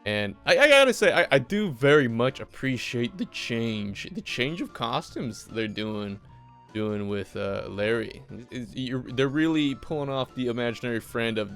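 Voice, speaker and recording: A young man casually recapping a horror movie, animated and swearing a lot. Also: medium pitch, normal speed, soft background music. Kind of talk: profane comedic movie recap.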